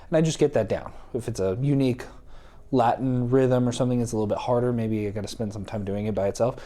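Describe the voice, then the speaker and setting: A man teaching a drum lesson in a casual, hurried way, out of breath and counting beats aloud. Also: mid-range voice, mellow. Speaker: drummer giving tips.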